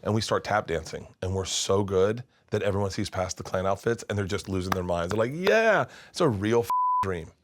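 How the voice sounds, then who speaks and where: Excitable comedian telling wild stories. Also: male voice, deep voice, brisk, hardly any pauses, background noise. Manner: excitable, acts out voices in his stories, laughs loudly. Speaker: comedian guest. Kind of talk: animated storytelling in an interview. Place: his studio.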